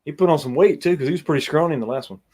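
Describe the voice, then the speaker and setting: A man joining a casual movie watch-along, tossing in quick offhand remarks. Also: on the high side, a little mellow.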